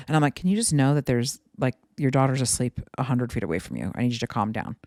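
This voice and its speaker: A woman's voice: rumbling low, animated, quick pace, hardly any pauses, darkish tone, no room sound, studio quality. A woman in her thirties hosting a podcast, chatting at home in a rambling, casual storytelling way full of asides. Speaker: podcast host.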